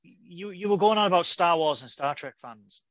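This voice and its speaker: A man's voice: high voice, animated, moderate pace, no room sound, lo-fi sound. A man co-hosting a casual podcast chat, telling stories with animation and acting out quoted lines.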